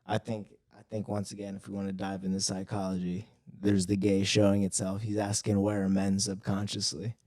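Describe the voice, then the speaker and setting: A man's voice: low voice, completely flat delivery, brisk, few pauses, darkish tone. Profane young man telling a story. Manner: rambling, profane storytelling with lots of filler words. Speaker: podcast co-host. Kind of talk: casual chat.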